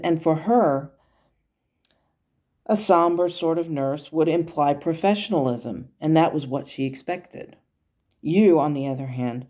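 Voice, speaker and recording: Calm wise angel guy teaching gently, woman reading him in her own low voice. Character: wise, gently humorous male angel guide.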